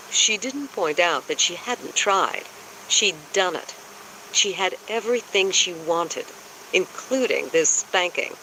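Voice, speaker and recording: A man reads a romance audiobook in a measured, scripted narration. His voice sits slightly high and bright, and his pace is very slow. A faint insect-like hiss runs behind the recording. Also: lively intonation, rough recording.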